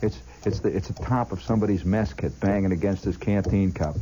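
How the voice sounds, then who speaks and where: This is a brisk, low-sitting male voice heard over music in a rough recording. He rambles through a lengthy personal tale, talking right to whoever's listening and voicing sound effects himself.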